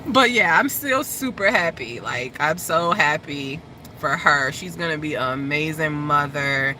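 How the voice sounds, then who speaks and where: A woman hosting a casual chat, telling stories in an animated way and laughing often. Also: low voice, measured pace, a little hiss or hum. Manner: animated storytelling, laughs often, squeals in excitement. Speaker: host.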